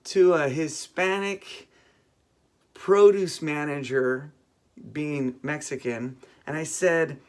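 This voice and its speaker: A man's voice: fairly high pitch, a little slow. Upbeat man telling a devotional story. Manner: chatty and humorous, with fillers and self-corrections. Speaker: pastor giving a devotional.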